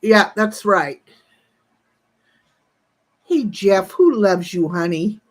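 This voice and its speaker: A woman's voice: medium pitch, expressive, extremely slow. A woman in her sixties on a casual livestream, telling a rambling, profane story and breaking off to greet viewers in the chat. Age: 60s.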